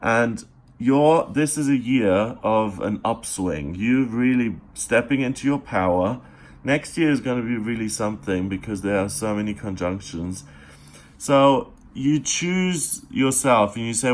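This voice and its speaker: A male tarot reader gives a daily reading, addressing the listener directly in an earnest, encouraging way. He's unhurried, pausing and using fillers, and his voice is medium-pitched and expressive.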